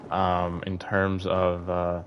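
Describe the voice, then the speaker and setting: A man's voice: low voice, monotone, slow, lo-fi sound, background noise. A young man streaming, chatting casually to his viewers, rambling with lots of fillers and restarts. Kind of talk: casual live-stream chat.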